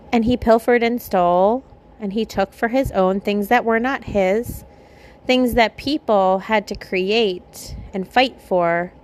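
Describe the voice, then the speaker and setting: Impassioned woman podcast host. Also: mid-range voice. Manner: impassioned, with pointed rhetorical questions; blunt and casually profane. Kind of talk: spiritual podcast monologue.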